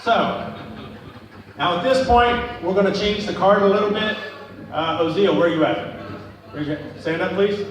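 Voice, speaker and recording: During a live show in an event hall, a man's high voice moves at normal speed, pausing often. His stand-up set is a rambling, profane story told to the crowd, captured from far off with the hall's echo.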